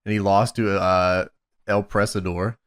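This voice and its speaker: A young man co-hosting a casual podcast, joking crudely in a slow drawl. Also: low voice, little pitch movement, over a noisy crowd. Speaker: podcast co-host.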